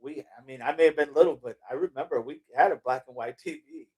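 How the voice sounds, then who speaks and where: A middle-aged man chats loosely on a livestream, reading viewer comments and drifting from one thought to another. His voice sits a little high for a man, and he often breaks into a chuckle or a casual curse as he loses his train of thought. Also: fast talker, a little mellow, slightly rough. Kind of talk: casual chat.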